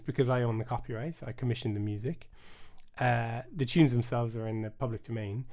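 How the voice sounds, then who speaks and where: A cheerful man runs a live music lesson, greeting viewers and chanting rhythm words over and over. His voice sits at an ordinary middle pitch, with a slight rasp creeping in from talking so long. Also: darkish tone. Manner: upbeat, chatty, chants rhythm syllables aloud. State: voice starting to rasp. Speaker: bodhrán teacher and channel host.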